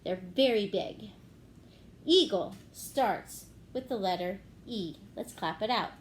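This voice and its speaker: A woman teacher giving a gentle phonics lesson to young children, clapping out words syllable by syllable. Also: mid-range voice, lively intonation, slow, noisy background.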